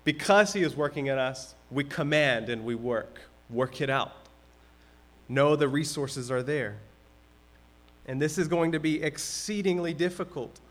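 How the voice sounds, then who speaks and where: Male pastor, higher-pitched voice, conversational sermon delivery. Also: a little slow, a bit bright. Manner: conversational preaching, acts out everyday complaints.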